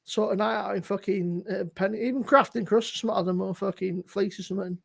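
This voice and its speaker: A man with a gravelly edge to his voice, recorded close and dry. He rambles through casual beer talk, swearing as he goes. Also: high voice, fairly even intonation, quick pace, fairly bright tone, no room sound. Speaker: co-host. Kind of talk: casual chat.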